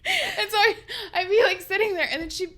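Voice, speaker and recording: A young woman co-hosts a casual podcast with friends. Her voice sits high and swoops a lot, with a bright, sharp edge. She laughs easily while telling stories. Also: animated, a little fast. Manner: giggly, storytelling. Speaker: podcast co-host. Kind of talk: casual chat.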